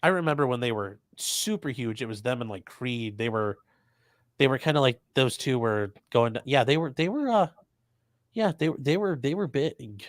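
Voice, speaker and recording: A man's voice: medium pitch, lively intonation, no room sound, studio quality. A man hosting a livestream, chatting casually and reading out viewer messages, often stumbling over his words. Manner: halting, repeats words, reads super chats aloud. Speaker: livestream host.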